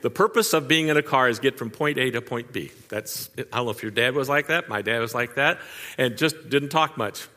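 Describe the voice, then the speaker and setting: With a long reverb tail behind him, an older man preaches a storytelling sermon in a bright, forceful, mid-range voice. He spins folksy family stories conversationally and breaks off with asides to the audience.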